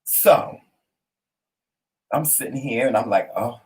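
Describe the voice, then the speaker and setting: A man's voice: on the high side, normal speed, recorded from a distance. A man, co-hosting a casual talk show and telling a story dramatically, cursing freely. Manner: dramatic, animated storyteller who curses freely. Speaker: co-host.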